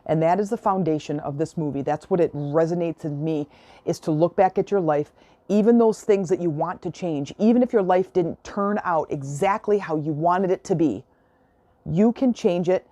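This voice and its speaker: Earnest woman with a mellow lower voice. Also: moderate pace, no echo. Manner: earnest, motivational, emotional. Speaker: podcast host. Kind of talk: solo podcast monologue.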